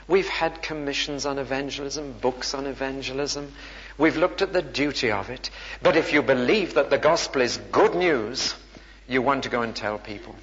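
A man's voice: medium pitch, a bit bright. A man preaching a sermon, earnest and rhetorical, his voice rising for emphasis. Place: church. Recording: dull recording in a reverberant church.

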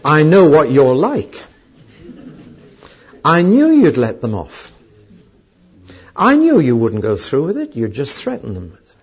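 An indignant, stubborn prophet, as a preacher acts him out scolds and argues, his raspy voice pushed higher and swinging widely in pitch. The recording is dull and lo-fi. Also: very animated, a little fast, darkish tone. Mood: resentful. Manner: exasperated, lecturing God.

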